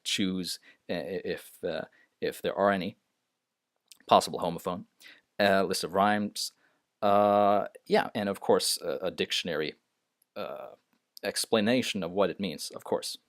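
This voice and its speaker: A man's voice: low-pitched, a little slow, pauses often, dry recording, clean studio sound. A man teaching a lesson off the cuff, hesitant, with many fillers and restarts. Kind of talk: unscripted screen-share lesson.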